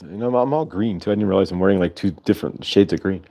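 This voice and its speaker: A man's voice: very fast, gravelly, dull audio. A man hosting a casual livestream, chatting in a rambling way over a video call. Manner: rambling, chatty, lively pitch swings. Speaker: host.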